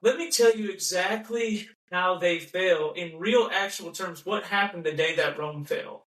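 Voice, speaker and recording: A man with a high, bright voice rants through a mocking monologue and keeps circling back to repeat his points. He sounds set back from the microphone in a room with a lot of echo. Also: measured pace. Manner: ranting, repetitive, mocking, acts out quoted voices. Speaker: podcast host. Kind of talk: impassioned monologue. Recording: echoey room, voice from a distance.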